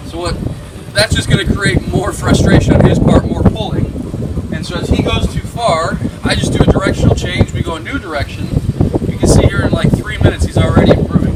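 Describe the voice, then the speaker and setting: A man working as a dog trainer, explaining his training method in an energetic, chatty way with plenty of fillers. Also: sits high, a little fast, heavy background noise. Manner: energetic and explanatory, lots of "you know" and "like". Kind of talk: instructional walkthrough. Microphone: camera following him while he works. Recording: distant mic with music behind.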